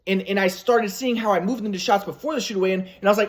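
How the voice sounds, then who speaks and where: A man's voice: sits high, fast talker, hardly any pauses. A man telling a personal story in a rambling way, with many restarts, acting out what people said. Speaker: vlogger.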